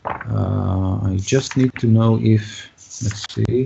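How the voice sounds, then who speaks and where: A man running a tabletop game as game master, narrating haltingly with many fillers and thinking aloud. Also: on the low side, fairly even intonation, vocal fry, background noise. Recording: muffled lo-fi voice chat.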